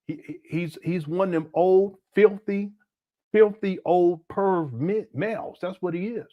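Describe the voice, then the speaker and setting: A man's voice: sits high, a little slow, narrow, tinny audio. A man in his late forties hosting a casual reaction commentary, mocking and laughing as he talks. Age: 40s. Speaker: commentary host.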